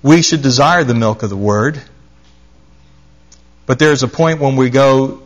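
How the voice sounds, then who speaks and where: A man's voice: mid-range voice, measured pace. A man preaching a sermon, reading scripture aloud and stressing his points by repeating key phrases. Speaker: pastor.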